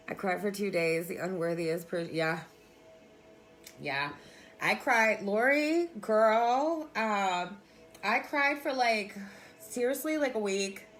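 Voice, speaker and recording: A woman who works as a spiritual coach and sound healer, chatting casually on a live stream and answering viewers by name. She is emphatic, swears freely and keeps telling them she loves them. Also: medium pitch. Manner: emphatic, profane, affectionate. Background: soft background music.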